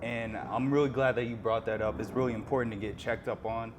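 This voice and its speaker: A man hosts a podcast interview, speaking in a relaxed, conversational manner. His voice is mid-pitched for a man and easy-going. He tells his own story casually. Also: brisk, noisy background. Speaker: podcast host.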